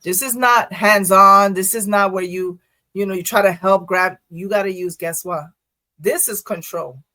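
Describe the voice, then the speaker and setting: Animated woman telling first-responder stories. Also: mid-range voice, no room sound. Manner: animated storyteller, quick asides, frequent laughs. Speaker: first responder and poet guest. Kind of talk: casual podcast interview talk.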